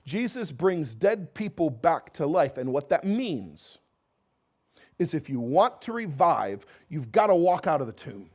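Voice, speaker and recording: Emphatic American pastor preaching a sermon. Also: male voice, a little high, sing-song, a little slow. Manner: emphatic, swings from shouting to quiet and intimate; joking asides with the congregation. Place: church sanctuary before a congregation.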